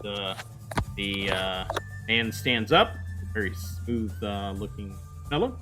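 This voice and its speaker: A man narrating as dungeon master in a tabletop game, pausing often with fillers. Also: lowish voice, expressive, music in the background. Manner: hesitant, filler-heavy narration.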